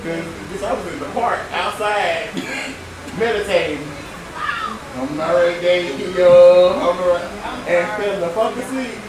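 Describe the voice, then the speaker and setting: Stand-up comic, male, high and lively delivery, profane storyteller, picked up from a distance in an echoey room over a loud crowd. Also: a little slow, noisy background. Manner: profane, animated storytelling with frequent laughs. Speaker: stand-up comedian. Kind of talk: stand-up comedy set. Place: live comedy venue with audience. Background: audience laughter.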